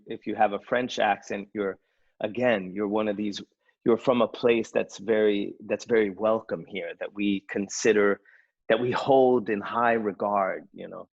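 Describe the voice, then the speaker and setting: Gravelly, husky low-voiced man. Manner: agreeable, chimes in with "yeah". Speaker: panelist. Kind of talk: virtual panel discussion. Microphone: video call. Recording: dry, muffled video call audio.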